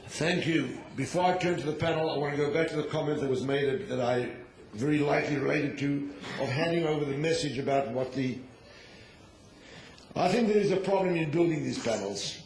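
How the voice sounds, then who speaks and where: Man, panel moderator, wry, lightly joking, higher voice, echoey conference hall, faint noise. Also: a little fast, creaky, darkish tone.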